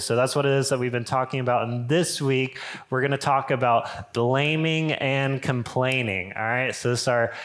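Young man, pastor, relaxed conversational sermon, storytelling asides, mid-pitched voice. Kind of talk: casual sermon.

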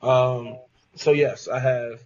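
A man's voice: medium pitch, steady tone, slow, lo-fi sound, a crowd in the background. A man on a casual podcast, blunt and joking, swearing freely. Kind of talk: casual group chat.

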